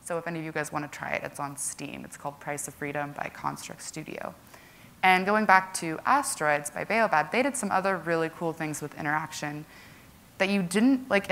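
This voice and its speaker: A young woman gives a casual conference talk to a live audience, speaking briskly in a fairly low, slightly bright voice. She's chatty and peppers her speech with lots of "like" and "um."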